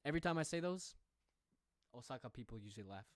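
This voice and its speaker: A man's voice: mid-range voice, animated, fast, no echo, studio quality. A man in his twenties chatting casually on a livestream, reading viewer comments in a rambling, easygoing way and laughing at himself. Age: 20s. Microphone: desk microphone and headset.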